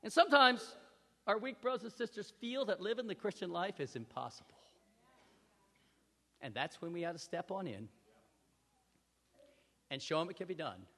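Animated preacher in an echoey hall. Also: male voice, high voice. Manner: animated storytelling, acts out scenes. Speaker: pastor. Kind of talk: sermon.

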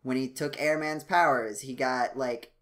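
A man co-hosting a casual podcast, rambling with many restarts and fillers, his voice jumping up when he gets excited. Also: measured pace. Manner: animated, jumps up in pitch when excited. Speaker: podcast co-host.

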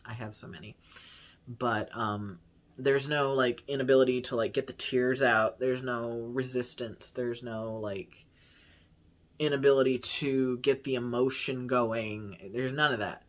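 A man's voice: mid-range voice, steady tone, measured pace. A man talking casually to his camera in a vlog, candid and self-mocking, swearing freely and rambling with lots of likes and small laughs. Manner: laughs easily at himself. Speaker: vlogger.

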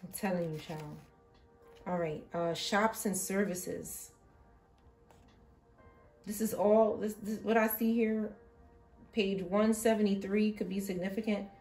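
Woman tarot reader, halting, repeats herself, faint music behind. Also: medium pitch, fairly even intonation, darkish tone. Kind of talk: intuitive tarot reading.

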